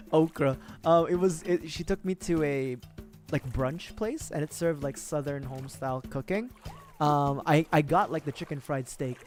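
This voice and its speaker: A young man streaming, chatting casually and rambling, with frequent laughs. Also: a little high. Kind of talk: casual livestream chat.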